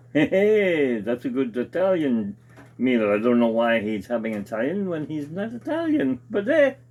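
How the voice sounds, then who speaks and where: In his home kitchen, a cooking show host chats casually while reading the steps off a package and adding comments. His voice is mid-range and a little mellow.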